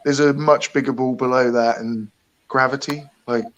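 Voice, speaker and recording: A man's voice: mid-range voice, fairly even intonation, moderate pace, highs cut off. Male host, loose chatty storytelling, heavy fillers, mid-range voice. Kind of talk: casual chat.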